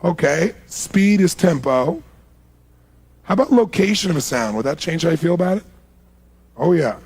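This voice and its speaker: A man speaking as a motivational speaker at a live seminar, guiding an audience through exercises in an animated, coaxing way, with a gravelly voice. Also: on the high side, normal speed, no echo. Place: large hall with a live audience.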